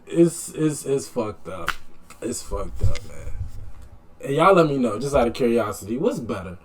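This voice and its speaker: A man hosting a reaction video, chatting casually with halting, rambling enthusiasm. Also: fairly high pitch, animated, darkish tone. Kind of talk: casual chat.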